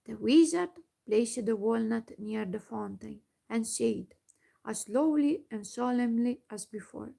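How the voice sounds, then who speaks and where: A woman reading a storybook aloud in soft whispered storytelling, unhurried and sometimes stumbling on words. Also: on the high side, gravelly. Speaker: ASMR storyteller.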